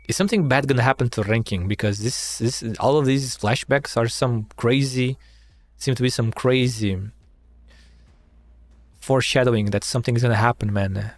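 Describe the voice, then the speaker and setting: A man's voice: medium pitch, normal speed, pauses often, no echo, faint music behind. A man reading a game's story aloud on stream, breaking off for startled, swearing asides.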